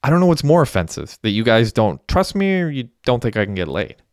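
A man's voice: mid-range voice, big pitch swings, fairly quick, a little mellow, no echo, studio quality, natural voice. A man voicing a stern, easily offended young man who talks in a blunt, curt way.

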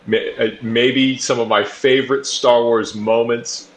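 A man's voice: mid-range voice, fairly even intonation, a little slow. A man co-hosting a podcast, chatting casually, hesitant, restarting a lot and swearing casually. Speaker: podcast co-host. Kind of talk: casual chat.

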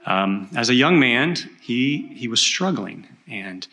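A pastor delivers an earnest, measured sermon in a church, his voice bright and forceful. His pitch sits in a middle range for a man. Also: lively intonation.

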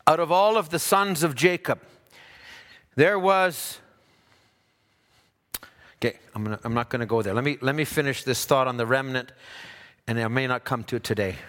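A man preaching a sermon, dropping low for asides and rising loud for emphasis. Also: animated, normal speed, pauses often. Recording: hall reverb.

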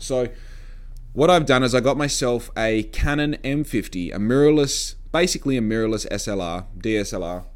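A man casually vlogging to camera, blunt and sarcastic, swearing freely, recorded on a phone mic. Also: medium pitch. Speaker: podcaster and vlogger. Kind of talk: casual talking-to-camera vlog. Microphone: phone microphone.

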